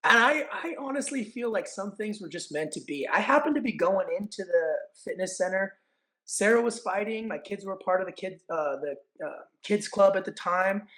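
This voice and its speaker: A man in his forties from California, a guest telling stories in casual chat, acting out quotes with animated energy. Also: high-pitched, normal speed, rough recording. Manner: animated, acts out quotes and announcer calls. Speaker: podcast guest, actor and event announcer. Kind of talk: casual storytelling.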